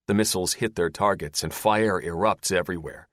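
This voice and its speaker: A man's voice: sits low, fairly quick, fairly bright tone, no echo, clean studio sound. A man narrating an action-heavy audiobook in a dramatic, scripted style.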